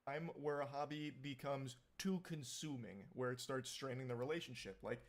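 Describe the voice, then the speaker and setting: A man's voice: mid-range voice, normal speed. A man giving wry, sarcastic commentary on a video.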